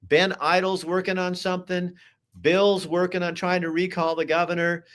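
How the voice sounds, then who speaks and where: A man's voice: sits high, flat delivery, normal speed, a bit bright. A man hosting a political talk show, speaking emphatically with many restarts and a preachy, exhorting manner. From Oregon. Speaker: host. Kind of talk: political talk show, reading viewer comments.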